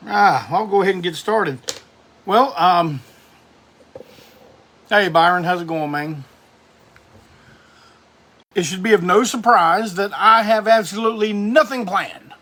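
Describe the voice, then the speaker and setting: A man's voice: high voice, lively intonation, unhurried, long pauses, pushed and bright. A middle-aged man hosts a casual live stream, greeting viewers by name and rambling loosely.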